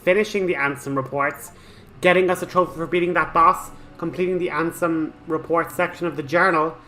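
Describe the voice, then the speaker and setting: A man narrating a game walkthrough, chatty and excitable, flaring up as he relives a frustrating boss fight. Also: a little high, slight background noise, low-quality recording. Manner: chatty with frequent fillers and restarts. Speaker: gaming channel host.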